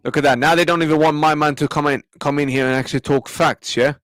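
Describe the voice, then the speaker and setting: A man's voice: fairly high pitch, fairly even intonation, fast, a bit bright, no echo, low-quality recording. A man ranting in a match reaction video, exasperated and slangy, repeating himself as he talks to his viewers. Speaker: football fan channel host. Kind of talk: heated match reaction rant.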